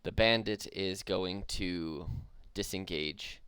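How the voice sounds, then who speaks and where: A man's voice: low voice, measured pace, creaky, fairly bright tone, smooth, no echo. A young man narrating as dungeon master in a laid-back way, with vivid combat descriptions. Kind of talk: narrating a tabletop game.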